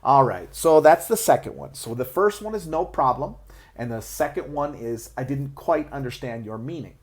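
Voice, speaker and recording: A man's voice: mid-range voice, lively intonation, moderate pace. A man teaching English learners useful phrases in a chatty way, with lots of "uh" and restarts, laughing as he acts out sample exchanges. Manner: chatty, with frequent "uh" and self-restarts; acts out sample replies and laughs between examples. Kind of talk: explaining tips to English learners.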